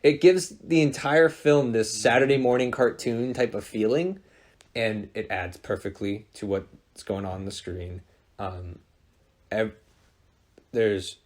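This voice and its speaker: A man's voice: medium pitch, expressive, measured pace, a little mellow. A young man co-hosting a casual podcast, laid-back and analytical, with casual swearing. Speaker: podcast co-host. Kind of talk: casual chat.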